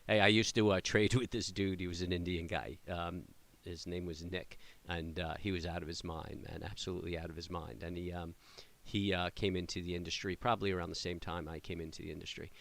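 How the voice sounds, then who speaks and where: Casual male day trader with a deep, low voice, talking off the cuff through his trades, filler-heavy, excitable. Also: fairly quick, gravelly, few pauses. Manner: rambling, many fillers and restarts, excited cheering at the chart. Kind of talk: casual live trading commentary.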